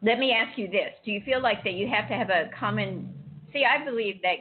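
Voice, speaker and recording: A woman hosting a casual chat, telling lively stories and acting out dialogue with laughter. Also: medium pitch, a little fast, a little hiss or hum. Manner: animated storyteller, acts out dialogue with laughter. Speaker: host. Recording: tinny phone line.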